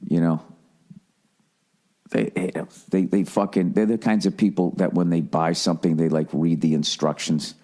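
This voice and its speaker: A man's voice: low-pitched, dark tone. A man telling a rambling, profane, self-mocking comic rant in a podcast style. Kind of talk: comedic rant.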